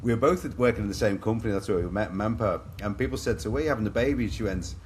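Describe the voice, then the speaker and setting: On a podcast interview, a middle-aged man from Liverpool, England, shares his own stories candidly and chattily, often addressing the host as "mate". His English-accented voice is low and deep, his delivery rapid-fire, and a faint hiss runs beneath the recording.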